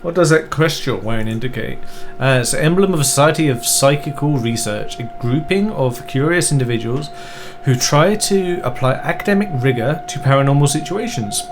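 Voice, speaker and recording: A man's voice: medium pitch, lively intonation, fairly quick, over music. Man reading through a mystery game. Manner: reads game text aloud, asides with laughs. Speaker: streamer playing a mystery game.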